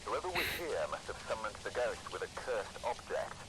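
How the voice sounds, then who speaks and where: A man's voice: lowish voice, big pitch swings, normal speed, fairly bright tone, slight background noise, poor audio. A man voicing a matter-of-fact in-game guide who briefs the player. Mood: briefing. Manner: instructive, briefing. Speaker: game tutorial voice.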